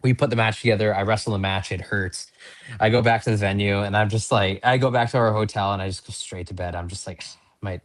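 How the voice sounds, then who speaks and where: Lower-voiced man telling rambling stories. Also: steady tone, fast. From North Dakota. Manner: rambling, chatty, self-deprecating, lots of ums and likes. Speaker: pro wrestler, podcast guest. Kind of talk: casual storytelling in an interview.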